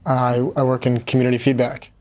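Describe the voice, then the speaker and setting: A man with an ordinary middle-pitched voice speaks defensively in a comedy skit. He talks plainly and steadily. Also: completely flat delivery, fairly quick, darkish tone. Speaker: esports caster.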